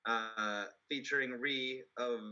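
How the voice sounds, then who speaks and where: A man's voice: mid-range voice, steady tone, takes it slowly, pushed and bright, muffled recording, faint music behind. A man playing a tabletop game, explaining his plans hesitantly with many fillers. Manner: hesitant, lots of ums and likes. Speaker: player.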